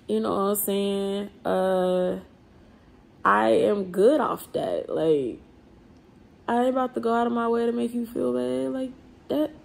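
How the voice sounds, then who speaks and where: A woman, speaking to camera in a blunt, emphatic vlog rant. Her voice has a gravelly edge and a husky grain. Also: medium pitch, darkish tone. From New Orleans. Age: 30s. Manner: blunt and emphatic, with swearing and slang. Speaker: vlogger.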